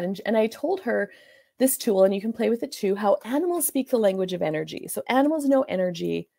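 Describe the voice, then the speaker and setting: A woman's voice: mid-range voice, creaky, darkish tone. A woman coach casually recounting a client's story in a loose, meandering way, full of restarts and "like"s. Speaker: life coach.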